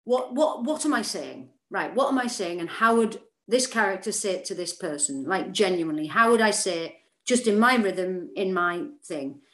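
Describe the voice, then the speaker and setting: An actress chats freely as an interview guest, her voice at a middling pitch. She talks in quick, animated bursts and keeps restarting sentences. The room around her has a noticeable echo. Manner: chatty, animated, frequent restarts. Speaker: actor, podcast guest. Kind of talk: casual interview chat. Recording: roomy echo.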